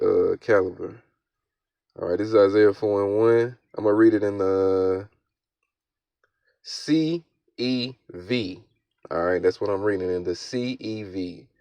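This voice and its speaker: A man giving casual, slang-heavy scripture commentary, often tagging his lines with "all right?" and reading verses aloud slowly. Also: low-pitched, level tone, vocal fry, mellow, no room sound. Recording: dull, lo-fi, dry sound.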